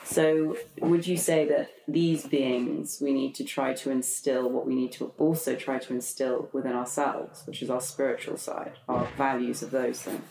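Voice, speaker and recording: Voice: medium pitch, flat delivery, moderate pace, gravelly, few pauses, darkish tone, reverberant, slight background noise, low-quality recording. An interviewer asking long, winding questions, using fillers as the thought builds.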